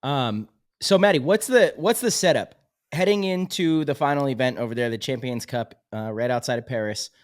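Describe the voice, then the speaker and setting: A man hosting a casual podcast, talking in a relaxed, agreeable way with many hedges. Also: medium pitch, normal speed, no room sound, clean studio sound. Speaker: podcast host.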